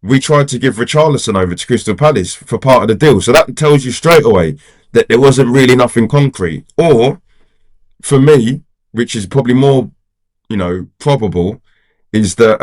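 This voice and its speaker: A man's voice: mid-range voice, normal speed. A man, a football fan vlogger ranting casually to camera in a rambling, exasperated way. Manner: rambling, exasperated, heavy on "you know" and "do you get what I'm saying".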